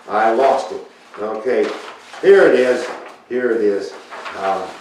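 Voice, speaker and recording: A man leading a children's time in church, talking in a gentle, rambling way and searching his notes aloud. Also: mid-range voice. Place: church sanctuary. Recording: echoey church, voice picked up from far off.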